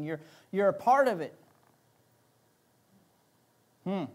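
A man pastor preaching a sermon, emphatic, repeating key phrases and acting out little asides. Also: high-pitched.

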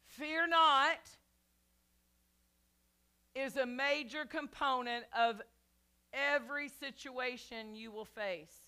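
A woman's voice: high-pitched, slow pace, long pauses, pushed and bright, clean tone. A woman pastor delivering a sermon, emphatic and repetitive, calling out to her congregation.

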